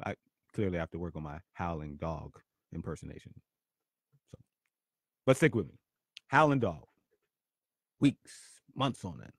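A man hosting his own podcast, telling a story in a punchy, animated way and often repeating words. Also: sits low, a little slow, long pauses, dry recording, clean studio sound. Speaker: podcast host. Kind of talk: storytelling monologue.

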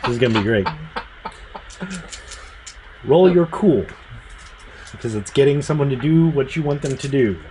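A man running a tabletop game as game master, narrating with animated storytelling and sound effects. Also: mid-range voice, normal speed, pauses often, a little hiss or hum, rough recording.

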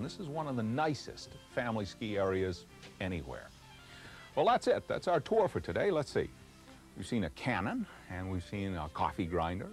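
A man with a New England accent hosting a travel show on location, talking with enthusiasm and lots of exclamations. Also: fairly low pitch. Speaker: host. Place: outdoors on location.

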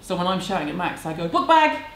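A woman's voice: on the low side, fairly even intonation, racing. A woman, answering viewer questions at home in a candid, chatty, self-deprecating way. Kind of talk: casual chat. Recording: echoey room, faint background hum.

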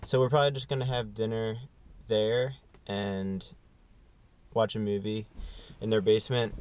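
A young man with a North Jersey accent talks casually for a vlog. His voice sits at an ordinary middle pitch, and he sounds laid-back with a dry, mock-serious tone. Faint noise runs underneath. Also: steady tone, moderate pace, a little mellow. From New Jersey, USA. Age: young adult. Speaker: vlogger.

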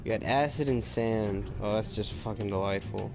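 Excitable swearing man gaming. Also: fairly low pitch, moderate pace, vocal fry. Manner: excitable, swearing, rambling asides. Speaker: gamer. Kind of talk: let's-play commentary. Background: game music.

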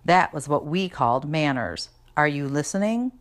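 Woman reader playing a stern old granny; low, slow, dramatic, disapproving storybook voice. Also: lively intonation.

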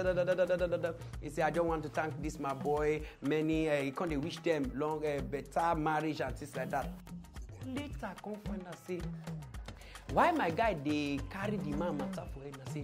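Nigerian pidgin lady telling a party story, lively voice goes high and low, soft music behind. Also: breathy edge. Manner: animated, swings from hushed asides to loud exclaims. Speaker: podcast host.

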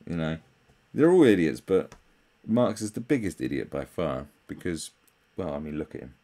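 Here the British host's voice is dark in tone and animated, at a moderate pace. He makes sarcastic, mocking commentary on memes, swearing freely and slipping into high-pitched mock voices.

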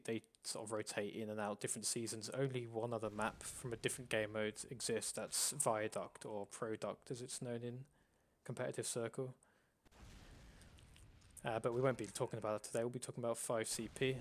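A man hosting a live stream, explaining game rules in a self-described monotone voice with frequent fillers and restarts. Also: mid-range voice, fairly quick, slight background noise. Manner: calls his own voice monotone, many fillers and restarts. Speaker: host.

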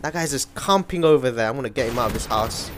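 A young man giving live gameplay commentary, excitable and ranting with sudden outbursts, his voice going hoarse. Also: mid-range voice, quick pace, slight background noise. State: losing his voice. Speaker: gaming commentator.

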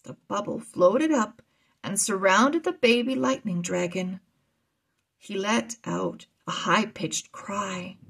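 Slow, husky woman reading a children's story. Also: medium pitch. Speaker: children's book reader. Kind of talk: reading aloud a children's chapter book.

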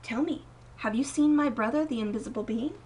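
A woman voicing a wise, gentle woman in a storybook, speaking softly with rising wonder. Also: fairly high pitch, brisk, a little hiss or hum, lightly acted. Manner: soft, warm, wondering. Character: wise, gentle older sister of a spirit.

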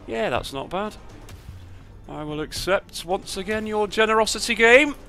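A man's voice: high-pitched, normal speed, sharp tone, soft background music. Sweary, sarcastic British man. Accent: British English. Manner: sweary, sarcastic, mutters to himself. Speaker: slot streamer. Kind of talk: casual live slot commentary.

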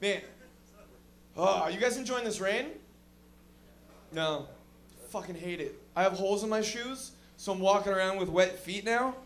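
A man's voice: high voice, a little slow, pauses often, slight background noise. A man doing a stand-up comedy set in a lounge, rambling and swearing with many fillers. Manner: rambling, profane, frequent fillers.

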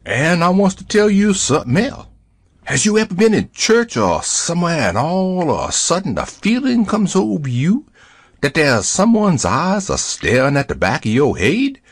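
A man's voice: a little high, wildly swooping pitch, moderate pace, husky, dry recording, heavily acted. An actor playing a jittery, frightened male servant who speaks in a drawling rural dialect, in an audio drama. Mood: scared.

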